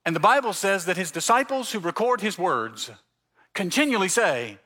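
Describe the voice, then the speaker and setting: Male pastor from Mississippi, sermon in a church, slightly high, bright and forceful tone, storyteller. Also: sing-song, normal speed. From Mississippi Gulf Coast, US. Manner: storytelling, acting out dialogue. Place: church sanctuary.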